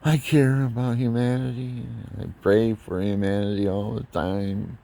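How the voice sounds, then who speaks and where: Measured and creaky, with a lowish voice, an older man rambles through a casual religious monologue about faith and family. He tells his stories in an animated, preachy way.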